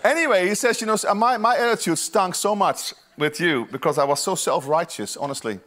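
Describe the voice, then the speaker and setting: High-voiced man preaching a sermon. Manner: swings between hushed asides and loud, drawn-out preaching; reads scripture aloud with emphasis. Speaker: pastor.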